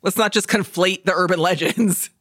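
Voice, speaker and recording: A woman on the low side talks at a moderate pace, the studio-quality audio free of echo. As a podcast co-host she chats casually through a movie's plot, swearing plenty and voicing the characters comically.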